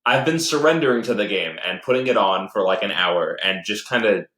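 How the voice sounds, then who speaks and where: A man's voice: on the low side, a little fast, a bit bright. A man co-hosting a casual podcast, telling a long gaming story with lots of fillers, restarts and laughter. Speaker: podcast co-host. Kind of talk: casual chat about games and movies. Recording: roomy echoey home recording.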